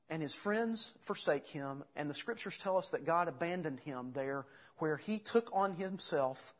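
A man's voice: fairly high pitch, a bit bright, highs cut off. A man preaching an earnest expository sermon, reading scripture aloud and explaining it to his congregation. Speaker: pastor.

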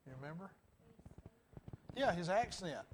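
This Alabama-accented, middle-aged Bible teacher speaks in a high pitch with lively intonation and a slightly slow pace. He quizzes the class, laughs softly, and frequently starts over, all against slight background noise.

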